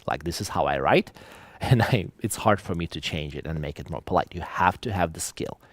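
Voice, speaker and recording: A man giving an online lecture, talking in an animated way with musing asides and reading examples aloud. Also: sits low, moderate pace, dry recording.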